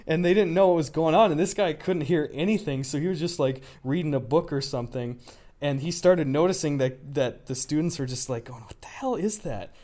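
A man co-hosting a laid-back podcast, with a voice that sits a little high. He tells stories with animation, jumping into the voices of the people he quotes and cursing casually. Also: fairly quick. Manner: animated storyteller, acts out quotes, swears freely. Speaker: podcast co-host.

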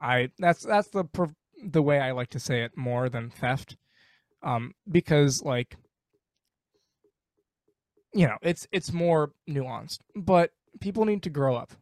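A man's voice: a little high, expressive, slow pace, dry recording, clean studio sound. A man speaking as a guest on a podcast, ranting bluntly and with animation in casual conversation.

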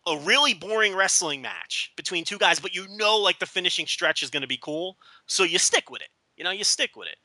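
High bright guy rambling on his podcast, keeps restarting sentences, dry sound. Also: dry recording. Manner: rambling, stammering restarts, mock British voices in quotes. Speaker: podcast co-host. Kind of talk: casual podcast chat.

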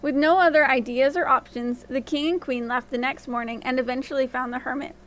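A woman storyteller narrating a fairy tale in a gentle, expressive reading voice. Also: sits high, a little fast, hardly any pauses, slight background noise.

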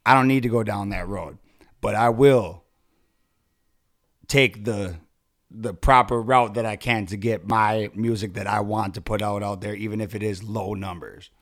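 A man's voice: fairly low pitch, fairly even intonation, moderate pace. A man talks candidly and earnestly as a guest in a laid-back conversation. His delivery is sincere and direct. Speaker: guest musician. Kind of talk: casual chat.

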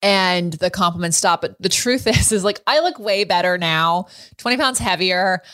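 A woman's voice: lowish voice, normal speed, a bit bright, no echo. A woman hosting a podcast who chats frankly and laughs often while interviewing a guest. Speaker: podcast host. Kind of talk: casual interview chat.

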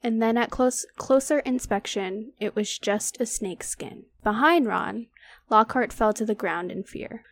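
A woman's voice: fairly high pitch, measured pace. A woman co-hosting a casual book podcast, reading a novel aloud with small slips and asides.

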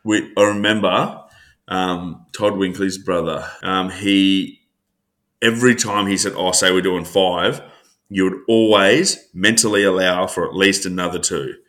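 A man, co-hosting a podcast in relaxed, laughing banter that often repeats its words. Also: low voice, unhurried. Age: 30s. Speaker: podcast co-host. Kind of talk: casual chat.

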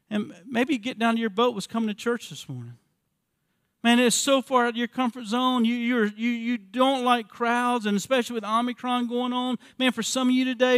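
A pastor in his fifties with a fairly high voice preaches an earnest church sermon. He poses rhetorical questions to the congregation and often repeats words. The recording is dry and close, with hardly any room echo.

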